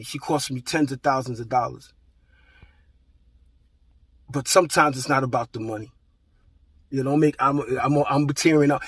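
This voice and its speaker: A man's voice: a little high, steady tone, moderate pace, a bit bright, slightly rough, no echo. A man talking bluntly and emphatically, repeating himself and swearing freely, in a heartfelt pep talk.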